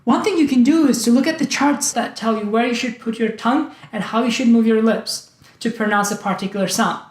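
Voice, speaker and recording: A man hosting a language tutorial, speaking in a clear, deliberate way and acting out examples of word stress. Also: very high-pitched. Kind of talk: scripted tutorial narration. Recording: roomy echo.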